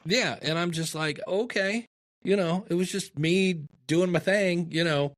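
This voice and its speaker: A man's voice: fairly high pitch, unhurried. A middle-aged man from Ohio, a podcasting guest, telling stories in a casual interview and acting out the dialogue in them. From Ohio, USA. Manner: animated storyteller, acts out quoted dialogue.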